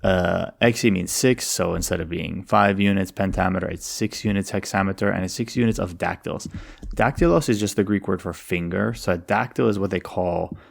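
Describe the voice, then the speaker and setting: A man's voice: sits low, normal speed, vocal fry. A man giving an explanatory lecture on classical verse, reading lines aloud and tapping out the meter syllable by syllable.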